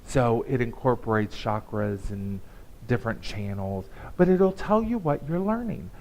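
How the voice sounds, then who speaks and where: A man giving a conversational, emphatic sermon at a church service, with pauses and restarts. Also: medium pitch, expressive, a little mellow, low-quality recording. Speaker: guest speaker.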